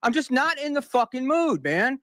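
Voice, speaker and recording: A man's voice: extremely high pitch, sing-song, normal speed, fairly bright tone, no echo, studio quality. A man in an angry on-air rant, exasperated and cursing, repeating himself as he scolds his co-host.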